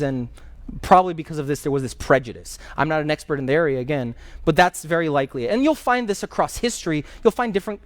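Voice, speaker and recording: A male pastor with a fairly high voice leads a Bible class and fields questions from the group, recorded dry. He tells stories energetically, repeats key phrases, and now and then pauses to hunt for a word.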